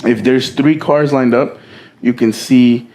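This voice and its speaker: A man's voice: mid-range voice, steady tone, slow, a little mellow, slight background noise. Profane young man telling a story. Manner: profane, slangy, acts out quoted dialogue. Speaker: podcast co-host. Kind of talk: casual storytelling among friends.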